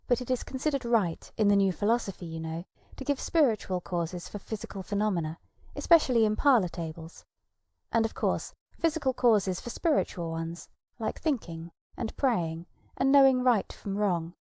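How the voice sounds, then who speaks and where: A woman reading a children's storybook aloud, narrating gently with soft whispered asides. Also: mid-range voice, lively intonation, moderate pace, dry recording, clean studio sound. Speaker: audiobook narrator.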